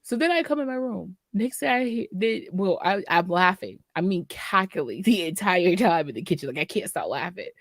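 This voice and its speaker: Animated woman telling a funny story. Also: fairly low pitch, normal speed, few pauses, no room sound, clean studio sound. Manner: animated, laughs often, acts out quotes. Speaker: podcast co-host. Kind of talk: casual storytelling.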